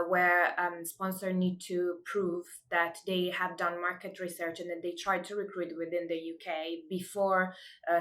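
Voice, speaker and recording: Woman, legal specialist, low flat delivery, hesitant with lots of fillers. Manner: hesitant, many filler sounds. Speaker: immigration law specialist. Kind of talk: webinar presentation.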